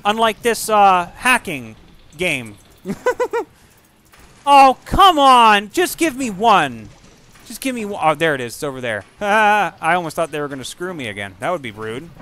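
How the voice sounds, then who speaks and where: A man giving casual gameplay commentary, excitable and profane, yelling at enemies while chatting. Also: on the high side, normal speed. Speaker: gamer commentator.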